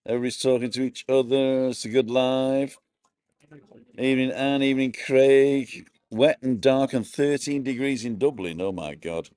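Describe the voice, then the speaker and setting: A man's voice: medium pitch, fairly even intonation, moderate pace, mellow, smooth, no echo. A middle-aged man casually chatting on a live stream from a bar, greeting viewers by name and wearing earphones.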